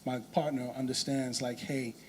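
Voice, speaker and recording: A man on a church panel talks in a casual, conversational way at a middle pitch. There is a faint noise behind him, and he leans on easy fillers as he makes his point. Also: steady tone, fast talker, a little mellow. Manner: casual, conversational, many "you know".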